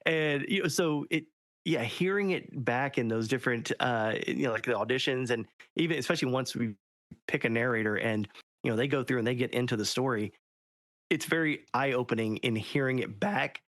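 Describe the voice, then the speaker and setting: A man's voice: medium pitch, brisk, a bit bright, no echo. A man, an author, talking casually in an interview, chatty with many restarts, fillers and laughs.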